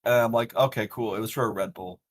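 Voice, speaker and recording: A young man with a lowish voice tells tournament and bus stories in a loose, animated podcast chat, swearing freely and filling gaps with "like" and "uh". A faint rumble sits under the recording. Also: fast. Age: young adult. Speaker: podcast host. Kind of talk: casual podcast storytelling.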